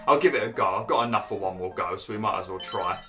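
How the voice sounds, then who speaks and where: A young gaming YouTuber does chatty Let's Play commentary over his own gameplay, swearing and bursting into high yelps when he gets frustrated. He talks fast in a slightly bright voice, with faint music in the background.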